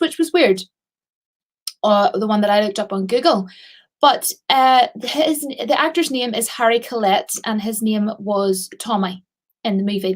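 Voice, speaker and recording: A woman chatting casually on a live stream as a movie reviewer, rambling with fillers and restarts. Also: fairly high pitch.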